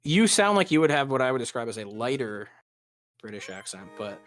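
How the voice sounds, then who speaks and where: A man's voice: medium pitch, very animated, a little fast, fairly bright tone, faint music behind. A male streamer at his mic, chatting loosely with a mid-range voice. He rambles along, leaning on filler words as he talks. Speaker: streamer host. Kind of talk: casual chat.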